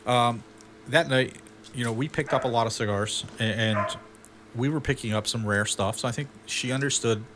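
Man, podcast co-host, mid pitch, rambling delivery full of restarts, faint room noise behind. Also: normal speed. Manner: rambling, repeats and restarts phrases. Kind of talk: casual podcast chat.

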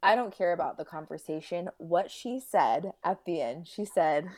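A young woman co-hosting a chatty podcast, her voice swinging widely up and down as she tells stories. She swears freely and laughs often, animated throughout. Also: fairly low pitch, measured pace. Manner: animated, profane, laughing storyteller. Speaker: podcast co-host. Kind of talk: casual chat.

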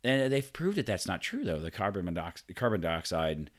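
Male podcast co-host, very deep voice, reads the news with crude jokey commentary. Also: big pitch swings, normal speed. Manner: reads stories aloud with jokey asides, stumbles on names and swears. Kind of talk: casual podcast banter.

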